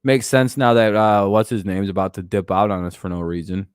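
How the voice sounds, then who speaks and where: A man's voice: on the low side, brisk, clean tone, dry recording, clean studio sound. A man hosting a casual sports talk stream, rambling and joking with plenty of profanity. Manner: frequent fillers and restarts. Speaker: host.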